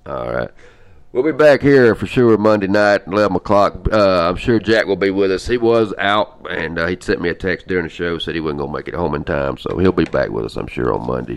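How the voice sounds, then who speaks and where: Gravelly, deep man. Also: animated. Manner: rambling, halting, with many fillers. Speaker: podcast host. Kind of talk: casual chat.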